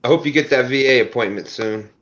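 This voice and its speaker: A man's voice: mid-range voice, fast, fairly bright tone. A man in a casual online group chat, speaking in an easygoing, friendly way. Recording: dull lo-fi call audio.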